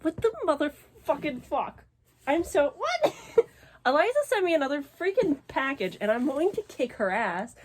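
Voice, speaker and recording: Excitable woman vlogging, lively voice. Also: sits high, moderate pace, slight background noise. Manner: gushing, exclamatory, swears freely. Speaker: reading vlogger. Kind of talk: casual vlog chat to camera. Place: at home.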